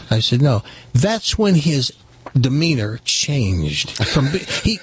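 Middle-aged guy telling stories, husky voice, bouncy up and down, does all the voices. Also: on the high side, unhurried. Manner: animated anecdote-telling, acting out dialogue. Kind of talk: casual storytelling.

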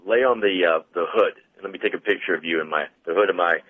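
A man's voice: low-pitched, fast talker. Man, eager radio co-host, fillers, muffled lo-fi sound. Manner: enthusiastic, laughs a lot, hesitant fillers. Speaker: car dealer co-host. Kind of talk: casual radio banter. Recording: dull lo-fi radio audio.

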